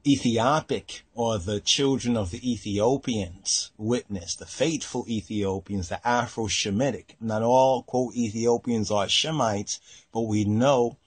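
A man giving a slow religious teaching on a Torah portion, pausing often, repeating words and checking in with "right?". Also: fairly low pitch, breathy edge. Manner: slow, searching, frequent "right?" and fillers.

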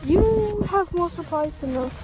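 Very high, bossy British female vlogger. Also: unhurried, loud music behind the voice. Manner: bossy, excitable, directing friends. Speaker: channel host. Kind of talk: casual challenge vlog. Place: outdoors on grass in a park. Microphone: phone.

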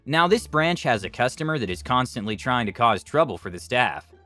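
A man narrating online stories in a scripted, expressive storytelling style. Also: mid-range voice, brisk, no room sound, soft background music.

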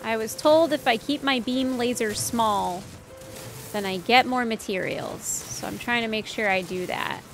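A chatty young woman streams a game, her voice sitting a bit high. She rambles through anecdotes with plenty of fillers and easy asides. Faint game music plays softly behind her. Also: a little slow. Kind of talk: casual gameplay chat.

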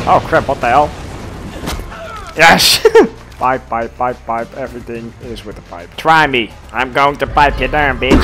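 A man giving casual, excitable gameplay commentary, swearing and laughing often. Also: mid-range voice, unhurried, long pauses, over music. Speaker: let's play gamer.

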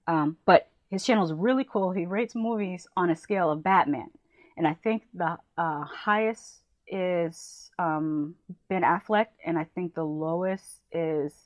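With a fairly low pitch, an American woman who reviews films chats eagerly and casually, giving shout-outs to other channels. There's no echo, though the audio is dull.

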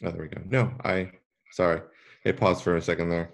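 A man reading a graphic novel aloud to children as a guest reader, with relaxed, chatty asides. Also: sits low, brisk, creaky.

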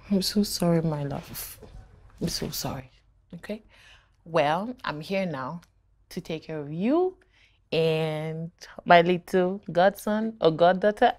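An actress playing a playful, caring best friend. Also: female voice, lowish voice, darkish tone. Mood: teasing. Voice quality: playful, turning panicked. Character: teasing best friend back from abroad.

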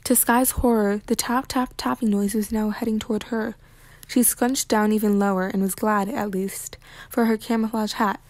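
A woman reading a children's novel aloud with lively, expressive narration. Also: medium pitch, normal speed, dry recording. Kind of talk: read-aloud storybook narration.

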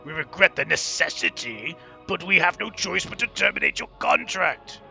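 A swaggering pirate captain bellows threats and boasts in a raised, bright voice with a gravelly edge, as a man puts him on. The playful performance sits in a game's story intro. The sound is a little dull, with faint game music underneath. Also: fairly high pitch, wildly swooping pitch, normal speed, full character voice. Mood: blustering. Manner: blustering, theatrical, shouting threats. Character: boastful gruff male pirate submarine captain.

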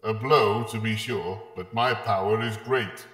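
A man's voice: lowish voice, measured pace, fairly bright tone, echoey room, long reverb tail, soft background music. A man co-hosting a comedy podcast, gleefully narrating an outrageous villain's scheme. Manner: gleeful, playfully villainous storytelling. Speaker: podcast co-host.

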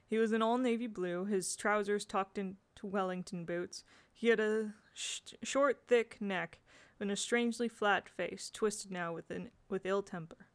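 A woman's voice: medium pitch, a little slow. Woman narrating a storybook, unpolished amateur reading. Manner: unpolished, occasional slips and restarts. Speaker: audiobook reader.

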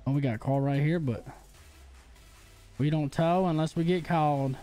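A man's voice: a little high, steady tone, normal speed, long pauses, dark tone. A young man livestreaming a game, chatting playfully with his audience and his baby son, with faint music behind him. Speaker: livestreamer and father. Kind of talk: casual gaming livestream chat.

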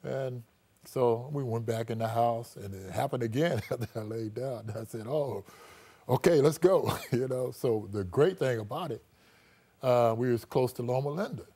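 A middle-aged man, a former athlete, telling his story in a relaxed interview, full of "you know" and acted-out quotes. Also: medium pitch, moderate pace, breathy edge.

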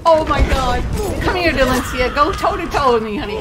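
Excitable older woman streaming a game. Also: sits high, fairly quick, very noisy. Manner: exclamatory, gasping, talks to herself. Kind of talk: excited live gameplay commentary. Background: loud game music.

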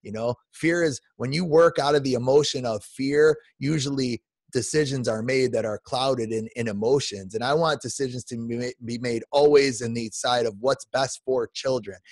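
A man's voice: mid-range voice, normal speed, a little mellow, no room sound. Fortyish male guest, emphatic impassioned rant, dry closely miked voice. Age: 40s. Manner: passionate, emphatic, many restarts and repeats. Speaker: podcast guest.

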